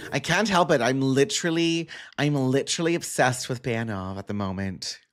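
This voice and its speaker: A male streamer at a middling pitch talks through his game in a loose, chatty way, reasoning out loud and answering viewers as they write. He drifts into little hums between sentences, and faint music plays underneath him. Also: a little fast, few pauses. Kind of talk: live gameplay commentary chatting with viewers.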